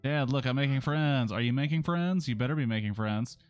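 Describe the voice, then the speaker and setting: A man's voice: medium pitch, brisk, clear, resonant tone, no room sound, faint music behind, lightly acted. A man voicing a cheeky, pushy teenage girl. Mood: teasing. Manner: teasing, pushy.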